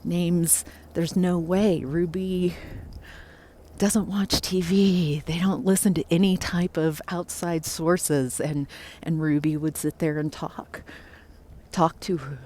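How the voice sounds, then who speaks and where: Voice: medium pitch, steady tone, slow pace, warm tone. A psychic medium casually telling a first-person ghost story, reflective and loose, with filler words.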